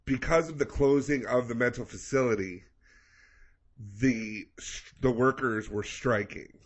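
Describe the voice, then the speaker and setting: A man's voice: medium pitch, unhurried, muffled recording. A man co-hosting a podcast, telling a long story casually and animatedly, acting out the people in it with plenty of swearing. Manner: animated storyteller, acts out quoted people, profane. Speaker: podcast co-host.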